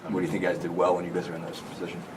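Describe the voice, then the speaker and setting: A sports reporter asking long, rambling questions at a press conference. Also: male voice, deep voice, completely flat delivery, racing. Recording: mic far off, background noise.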